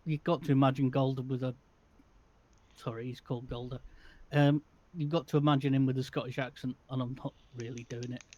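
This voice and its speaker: A man narrating as game master of a tabletop game, describing scenes haltingly with many pauses and fillers. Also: medium pitch, flat delivery, a little mellow, no echo, dull audio.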